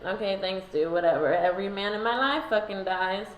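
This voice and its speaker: A woman's voice: mid-range voice, a little fast, roomy sound, slight background noise, lightly acted, rough recording. A woman voicing a blunt, unbothered medieval queen who talks sassily and swears. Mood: dismissive. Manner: sassy, swearing, dismissive.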